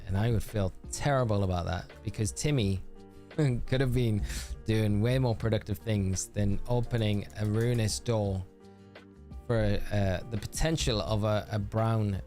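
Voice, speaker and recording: A man's voice: on the low side, warm tone. A man streaming a game live, chatting casually and reading viewer messages aloud as he answers them.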